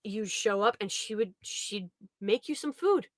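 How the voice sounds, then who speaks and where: A woman's voice: mid-range voice, lively intonation, a little slow, no room sound, clean studio sound. A young woman telling a family story in a casual, rambling way, often laughing as she talks. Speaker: podcast host.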